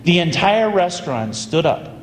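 A man, a Catholic priest, telling a story in an animated, emphatic homily inside a large church. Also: sits high, normal speed, crowd noise. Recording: echoey hall with long reverb.

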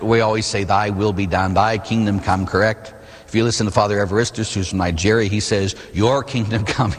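Animated priest preaching in a reverberant church. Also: male voice, on the low side, slightly rough. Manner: animated, conversational preaching with rhetorical questions. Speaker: Catholic priest. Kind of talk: sermon.

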